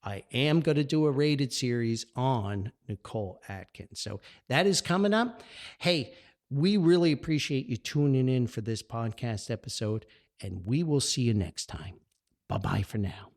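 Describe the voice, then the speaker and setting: A man's voice: mid-range voice, expressive, moderate pace. A man with a New Jersey accent hosting a solo podcast, talking with enthusiasm and rambling from point to point. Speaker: podcast host.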